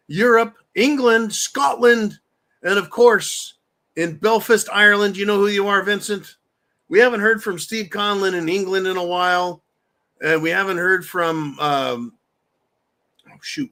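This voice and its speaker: Bright-voiced man hosting a rambling livestream. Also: high voice. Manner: loose, rambling, swears, takes shots on air. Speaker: live stream host. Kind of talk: casual political livestream talk.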